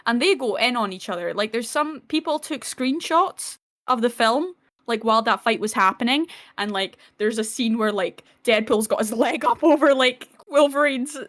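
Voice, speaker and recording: A woman's voice: fairly high pitch, moderate pace, hardly any pauses, a bit bright. A woman co-hosting a podcast, casually retelling film scenes with lots of swearing and acted-out quotes. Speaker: podcast co-host.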